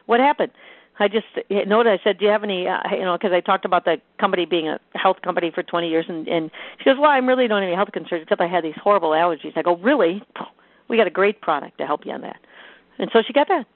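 Woman sales trainer, emphatic and energetic, phone-line sound. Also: mid-range voice, no room sound. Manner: energetic, emphatic, repeats key phrases. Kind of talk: coaching talk to a sales team. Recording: tinny phone-like line, dry.

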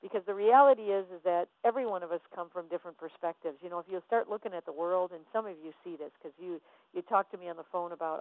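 A woman's voice: fairly low pitch, fast talker. Emphatic woman, tinny dry recording. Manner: emphatic, repeats phrases, acts out dialogue. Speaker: motivational speaker. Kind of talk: motivational talk. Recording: tinny phone-like sound, dry.

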